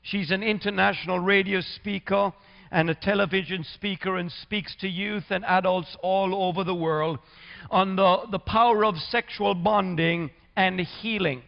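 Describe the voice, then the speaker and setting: Gravelly high-voiced pastor in a church hall. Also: male voice, fairly even intonation, moderate pace. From Canada. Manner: warm formal pulpit introduction with amen calls. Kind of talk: sermon introduction. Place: church sanctuary. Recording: dull reverberant church recording.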